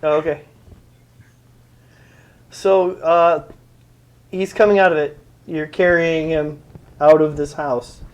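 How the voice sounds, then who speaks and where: Laughing man running a tabletop game. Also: fairly high pitch. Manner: relaxed, laughing, halting with fillers. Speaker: dungeon master.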